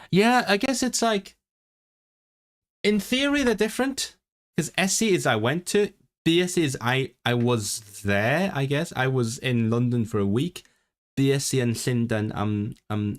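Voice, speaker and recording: A young man talks casually to his livestream viewers, rambling and stopping to correct himself. Now and then he slows right down to read practice lines aloud with care. His voice sits at a medium pitch. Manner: rambling, self-correcting, chatty; reads practice sentences aloud slowly. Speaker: livestream host.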